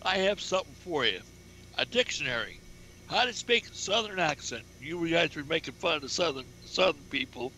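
A man's voice: fairly high pitch, animated, moderate pace, bright, forceful tone, a little hiss or hum, low-quality recording. A man in a casual group chat, joking and speaking a little away from the mic.

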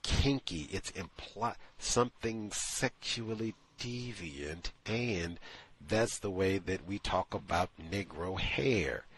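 A man's voice: low voice, slow, a bit bright, breathy edge. A man hosting a call-in talk show, speaking in an emphatic, incredulous monologue. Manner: emphatic, incredulous, acts out quotes. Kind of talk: opinionated radio monologue.

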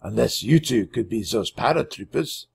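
A gruff, bearded farmer with a raspy, growly voice , as a man reads him, heard in a storybook. He talks slowly and warily, with a rough huskiness. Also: mid-range voice, animated, exaggerated voice. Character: gruff bearded French farmer, wary but kind.

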